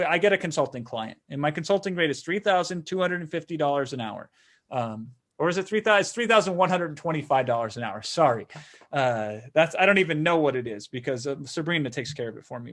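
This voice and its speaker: Middle-aged male webinar host, slightly high voice, loose conversational sales pitch. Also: a bit bright. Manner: conversational, frequent "right?" tag questions. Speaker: webinar host and marketing consultant.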